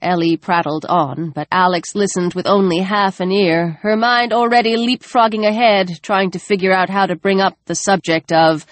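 A woman's voice: medium pitch, fairly even intonation, moderate pace, hardly any pauses, no room sound. Woman narrating an audiobook, dry and close.

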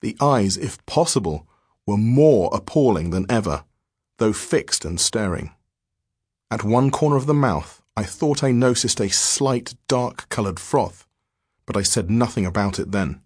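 A man narrating a diary-form horror story in a measured, grave manner. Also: on the low side, animated, slightly rough, no room sound, studio quality.

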